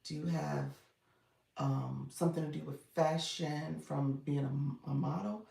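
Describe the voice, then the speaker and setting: A woman's voice: sits low, steady tone, a little slow, vocal fry, warm tone. A woman live-streaming as a coach, chatting casually and encouragingly, laughing often and calling viewers "friend.". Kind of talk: casual livestream chat, greeting viewers and reading comments. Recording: echoey room, voice a bit far from the mic.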